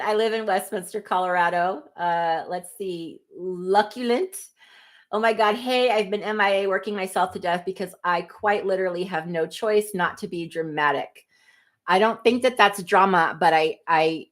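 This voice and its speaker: A woman in her fifties runs a casual livestream, reading viewer comments aloud in a chatty, apologetic manner and tossing in quick asides. Her voice sits fairly low.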